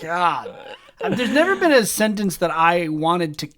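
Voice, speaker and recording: A man's voice: high-pitched, huge pitch swings, unhurried, fairly bright tone, slight background noise. A man co-hosting a podcast in casual, jokey chat, laughing often. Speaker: podcast co-host.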